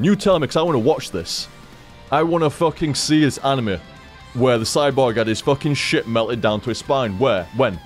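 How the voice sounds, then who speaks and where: A man, a streamer rambling casually after a stream and swearing constantly. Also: mid-range voice. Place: home room.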